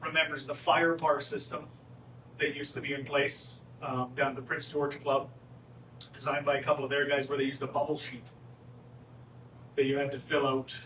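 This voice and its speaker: In an echoey meeting room, picked up by a distant mic with a little noise, a man with a somewhat high, slightly bright voice presents golf club updates at a town hall. His manner is casual, and he trades jokes with the audience.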